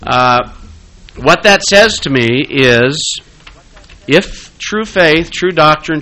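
A man's voice: medium pitch, bright, forceful tone, low-quality recording. A man giving a conversational lecture-style talk, with frequent "uh" fillers, restarts and rhetorical questions.

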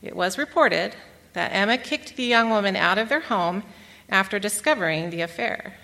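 Bright-voiced woman speaking in a hall. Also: mid-range voice, lively intonation, normal speed. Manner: wry, dry asides amid narration. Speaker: speaker giving a talk. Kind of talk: public talk to an audience. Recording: long hall reverb.

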